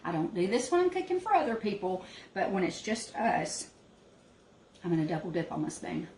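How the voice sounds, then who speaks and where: A woman's voice: lowish voice, sing-song, moderate pace, darkish tone. A woman hosting a casual cooking demonstration from her small cabin kitchen, homey and chatty. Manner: homey, chatty, talks to viewers as y'all. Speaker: cooking show host. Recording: echoey room with clear background noise.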